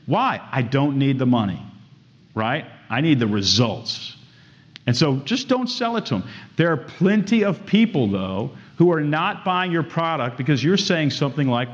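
A man giving a talk, telling a story with lively acted-out dialogue. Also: fairly high pitch, moderate pace. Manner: animated storytelling, acts out dialogue. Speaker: speaker. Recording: dull sound with long hall reverb.

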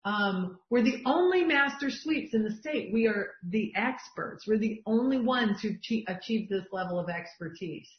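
A woman's voice: fairly high pitch, animated, normal speed, hardly any pauses. Enthusiastic woman coaching over a video call. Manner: enthusiastic, emphatic, reads from shared lists. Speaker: business coach. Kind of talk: online group coaching session. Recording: dull, roomy video-call audio.

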